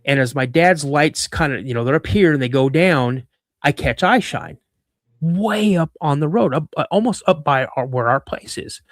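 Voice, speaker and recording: Fifties guy from washington telling his story, acts out the quotes, kinda high voice, dry close sound, repeats himself a lot. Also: normal speed, dry recording. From Washington State. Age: 50s. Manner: animated storyteller who acts out quoted dialogue; repeats and restarts words mid-sentence. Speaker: guest, cryptid researcher. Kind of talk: personal story told in conversation.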